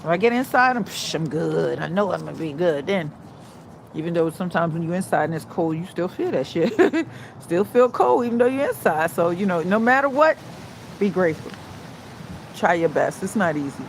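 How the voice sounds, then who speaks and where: A woman hosting a casual livestream from outdoors in the cold, greeting viewers and talking in a loud, profane, chatty way. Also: on the low side, big pitch swings, moderate pace, creaky. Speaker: livestream host. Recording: outdoor street noise behind.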